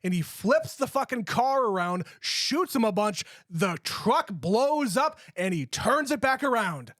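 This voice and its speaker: A young man co-hosts a casual movie podcast, easygoing as he walks through scenes in detail. His voice sits fairly high for a man. The recording is dry and close. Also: big pitch swings, measured pace, a bit bright, no room sound. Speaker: podcast co-host. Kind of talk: casual movie review chat.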